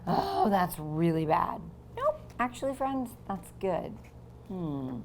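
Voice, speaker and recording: Her voice on the low side, a teacher reads a picture book to young children, halting to explain words and acting out sound effects with lively expression, over a faint hiss or hum.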